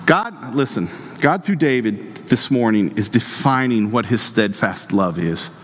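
Preaching pastor in a reverberant church. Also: male voice, medium pitch, lively intonation, a little slow, a little hiss or hum. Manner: preaching with rising, impassioned emphasis. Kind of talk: sermon. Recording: long reverb of a church hall.

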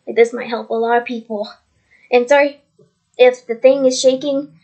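Speaking at a normal speed in a slightly high, slightly mellow voice with a steady tone, a woman shares her faith in a casual vlog recorded at home with her computer mic. She's earnest and rambling, repeating herself along the way.

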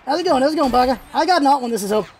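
Excitable high-pitched gameplay commentator. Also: very fast, a little hiss or hum. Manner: excitable, shouts and repeats calls; teasing, talks to enemy players. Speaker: gaming video host.

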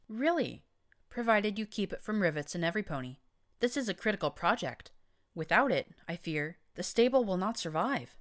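A woman voicing a manipulative female pony leader with a smooth, purring way of talking, in an audiobook reading. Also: mid-range voice, big pitch swings, moderate pace, voice pushed up, natural voice. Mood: smooth, scheming.

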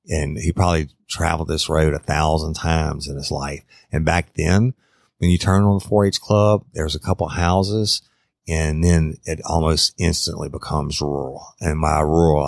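A middle-aged man tells a true-crime story as a podcast host. His voice is extremely deep and gravelly. The sound is dry and close. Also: no echo. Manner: conversational, addresses listeners directly.

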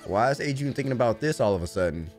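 A young man hosting an anime reaction, casual and slangy, swinging from low grumbling to loud cheering as he talks to the screen. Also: animated, quick pace, faint music behind. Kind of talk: excited reaction commentary.

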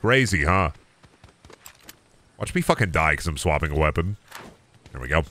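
A man's voice: rumbling low, animated, fast talker, a bit bright. A young man streaming a shooter game, joking around and swearing as he plays. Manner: joking, repetitive bits, swears often. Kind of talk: casual gameplay commentary.

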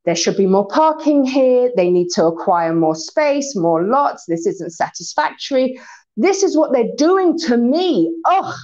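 A man's voice: extremely high pitch, huge pitch swings, unhurried, lo-fi sound, heavily acted. A woman voicing a grumpy, impatient man who grumbles in a whiny, exasperated way. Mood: irritated.

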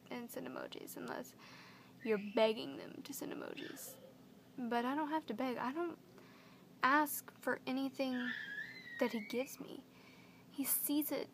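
Gushing young woman with creaky voice. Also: a little high, slight background noise. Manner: gushing, emotional, repeats words. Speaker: vlogger. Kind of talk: earnest direct-to-camera vlog.

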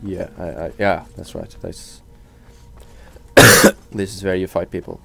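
A man's voice: deep voice, steady tone, a little slow, gravelly, sharp tone, faint music behind. A man with a Norwegian accent, giving casual gameplay commentary and joking at the game characters, swearing now and then. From Norway. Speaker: let's play commentator.

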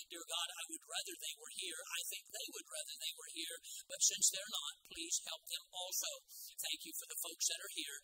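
A man's voice: very high-pitched, bright, forceful tone, poor audio. A man with a Midwestern American accent, a pastor preaching a sermon with emphatic, repeated phrases.

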